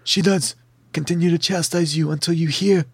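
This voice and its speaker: A man's voice: a little high, fairly even intonation, normal speed, gravelly, breathy edge, no room sound, clean studio sound. A man narrating a tabletop fantasy game as game master, with theatrical, vivid descriptions and playful asides.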